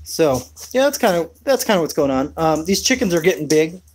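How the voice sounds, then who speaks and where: A man's voice: on the high side, sing-song, fairly quick, slight background noise, poor audio. Rambling, laid-back man outdoors. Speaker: homesteading vlogger. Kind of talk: live casual walk-through chat. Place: outdoors in his backyard, rainy.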